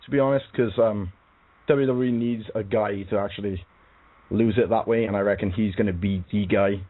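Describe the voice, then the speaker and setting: A man on a radio panel, speculating in a relaxed, casual way. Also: lowish voice, moderate pace. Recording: phone-line audio.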